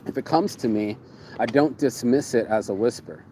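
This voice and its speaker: A man hosting a casual chat, telling his travel stories in an excitable, profane way and repeating words for emphasis. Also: medium pitch, normal speed, a little hiss or hum, low-quality recording. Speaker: show host.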